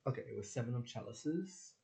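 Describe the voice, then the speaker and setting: A man's voice: mid-range voice, lively intonation, fairly quick, creaky, dark tone. A young man from Jamaica with a Jamaican accent, rambling casually and laughing as he jumps between topics. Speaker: spiritual channel host.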